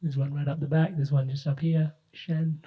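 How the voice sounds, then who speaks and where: A man's voice: on the high side, little pitch movement, moderate pace, husky, lo-fi sound. A man hosting a live event, turning the floor over to audience questions. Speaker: host.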